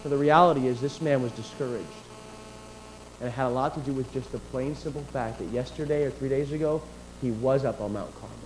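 A man preaching a sermon who swings from quiet asides to loud, drawn-out emphatic lines and reads scripture aloud. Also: a little high, slight background noise, rough recording. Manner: reads scripture in King James wording.

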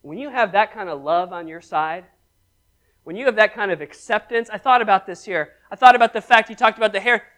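A preacher delivers a sermon in a mid-range, fairly quick voice, questioning the congregation and calling for amens. He moves back and forth between loud exhortation and quiet, pointed emphasis.

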